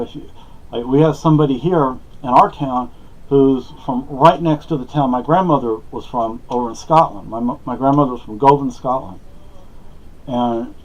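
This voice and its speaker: A man's voice: mid-range voice, a little mellow, dull audio. A man talking casually to camera in a rambling, hesitant way, full of fillers and restarts. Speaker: vlogger.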